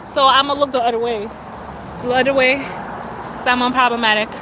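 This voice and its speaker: A woman with a high voice chats on a phone livestream, boastful and sassy, with a laugh never far off. She is recorded outdoors near traffic, and the street noise comes through clearly. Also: fairly even intonation, fairly quick. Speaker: livestreaming influencer. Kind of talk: casual livestream chat.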